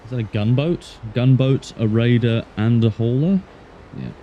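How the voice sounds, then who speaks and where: A man's voice: medium pitch, normal speed, muffled recording, slight background noise. A man streaming a game with casual, playful, self-mocking chat in a put-on Australian accent. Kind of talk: casual gameplay commentary.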